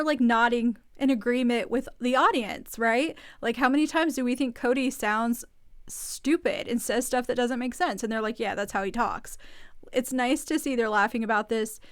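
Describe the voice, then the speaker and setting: A woman's voice: fairly high pitch, no echo, clean studio sound. Chatty woman recapping a show. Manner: chatty, opinionated, amused. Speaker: podcast host recapping a reality show. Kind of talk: casual commentary.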